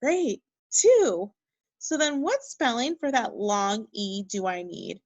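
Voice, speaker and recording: A woman teaching a second grade phonics lesson, speaking slowly and encouragingly and spelling words out letter by letter. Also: mid-range voice, expressive, no echo, highs cut off. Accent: Minnesota. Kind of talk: recorded remote phonics lesson.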